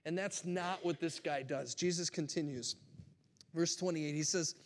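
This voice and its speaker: A man with a high voice preaches to his congregation in a church. He tells the story with lively energy and keeps turning to the listeners with questions. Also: a little slow, a little hiss or hum. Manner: animated storytelling, talks straight to the congregation. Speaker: pastor. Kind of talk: sermon.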